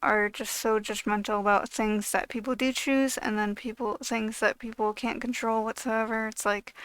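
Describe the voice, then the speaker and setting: A woman's voice: a little high, fairly bright tone, clear, resonant tone, dry recording. A woman ranting in a vlog, blunt and heavily profane, with a loose delivery full of "like" fillers. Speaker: video creator.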